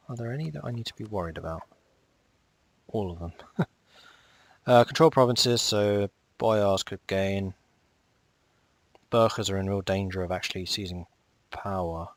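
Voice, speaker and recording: A man's voice: low-pitched, normal speed, pauses often, dry recording. A man casually commenting on his strategy game as he plays, often muttering to himself and talking back to the game. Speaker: strategy game let's player.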